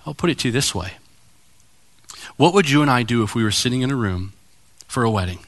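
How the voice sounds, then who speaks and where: A man's voice: mid-range voice, fairly quick, long pauses. A man preaching a sermon as pastor, direct and challenging, acting out voices as he tells stories. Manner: animated storytelling, acting out voices.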